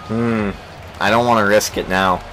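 A young man giving let's play commentary on a baseball game, swearing and shouting in frustration at his team. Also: fairly low pitch, fairly even intonation, moderate pace, a little hiss or hum, rough recording. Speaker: gaming channel host.

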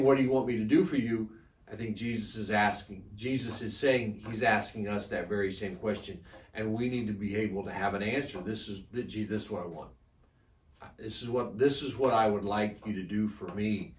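A man's voice: medium pitch, fairly bright tone. A man co-leading a church Bible study, reflecting aloud and often starting his thoughts with a repeated "I think". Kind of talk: conversational Bible teaching. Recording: echoey room, distant mic.

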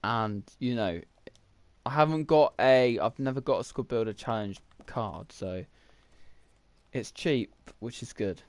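A man's voice: mid-range voice, unhurried, a little mellow, no echo. A young man, rambling through casual gameplay commentary while thinking aloud with lots of fillers. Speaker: gaming YouTuber.

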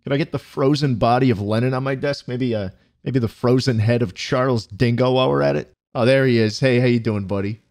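A man giving profane, excitable let's-play commentary, often yelping and laughing. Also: mid-range voice, fairly quick, few pauses. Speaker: gaming YouTuber.

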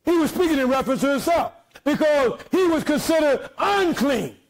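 A man preaching a sermon as pastor, shouting out to his congregation with folksy, joking asides. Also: extremely high pitch, animated, normal speed, poor audio.

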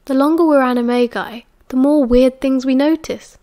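A woman with a British accent voicing a caring young man who speaks gently, sometimes in a hush. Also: high-pitched, fairly even intonation, normal speed, natural voice. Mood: coaxing. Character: caring, teasing young man, protective friend.

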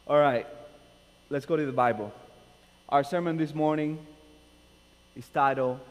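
A man's voice: medium pitch, takes it slowly, long pauses. A man with a Nicaraguan Spanish accent, a pastor who welcomes his congregation, prays and opens a sermon in a casual, joking way. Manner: informal, joking, self-deprecating. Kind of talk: friendly church welcome and sermon. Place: church sanctuary. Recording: echoey church hall with faint hum.

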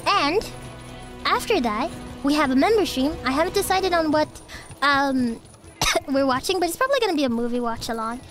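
Her voice is high-pitched and fairly bright, with lively intonation, a moderate pace, and frequent pauses. She's a sick streamer who coughs while playing, giggling and swearing often as she chats with viewers over game music.

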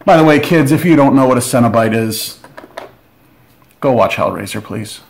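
A man of middle pitch chatters through a board game unboxing, joking as he goes. He gets giddy and keeps up a running commentary in a relaxed, informal tone. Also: moderate pace, gravelly. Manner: excitable, joking asides. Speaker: board game channel host.

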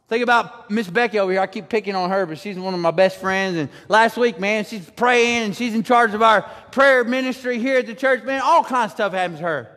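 Animated high-voiced preacher, reverberant. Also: male voice. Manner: animated, shouts lines for emphasis, stretches words slowly. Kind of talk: sermon. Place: church sanctuary.

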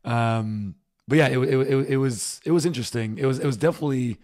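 A man's voice: medium pitch, a little mellow. Easygoing man from Rhode Island. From Rhode Island, United States. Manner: quick, agreeable, uses fillers like um and you know. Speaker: podcast guest. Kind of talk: casual chat.

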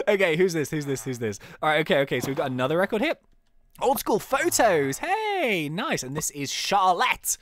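A woman hosting a gaming channel in a casual, excitable and chatty way, laughing often. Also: low-pitched, normal speed. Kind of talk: casual game commentary.

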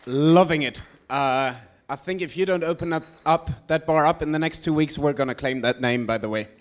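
A man's voice: a little high, moderate pace, slight background noise. A man hosting a demo day, making casual jokes and introducing the next presenter. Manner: casual, jokey, builds up the next speaker. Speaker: event host.

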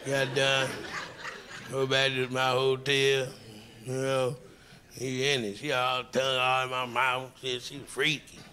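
A man performing crude, animated stand-up comedy on stage, shouting punchlines before a live audience. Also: medium pitch, slow pace, a little hiss or hum. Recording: live stand-up with crowd laughter.

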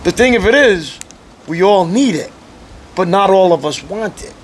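A man preaching a sermon in a conversational, teasing way, often clearing his throat. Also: high voice, expressive, moderate pace, slight background noise. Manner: conversational preaching with mocking quoted voices. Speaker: pastor.

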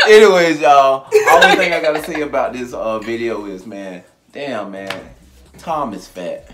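A man's voice: mid-range voice, expressive, unhurried. A man co-hosting a reaction video in a laid-back casual chat, swearing and laughing.

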